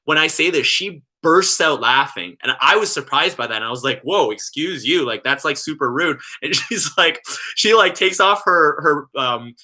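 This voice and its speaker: Bright-voiced man telling a rambling story. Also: a little high. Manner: rambling, heavy use of "like". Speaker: vlogger. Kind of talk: casual storytelling livestream.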